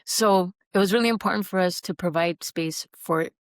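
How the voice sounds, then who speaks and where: A middle-aged woman, a podcast guest, earnestly telling her personal story in an animated, heartfelt way. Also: on the low side, normal speed, no room sound, studio quality. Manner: earnest, animated, acts out quoted dialogue. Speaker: podcast guest, recovery program alumna.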